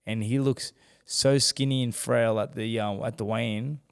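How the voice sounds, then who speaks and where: Gravelly man telling a story. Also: mid-range voice, normal speed, big-room sound. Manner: animated, acts out quoted voices. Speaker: guest, former world champion boxer. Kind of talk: candid storytelling in a podcast interview.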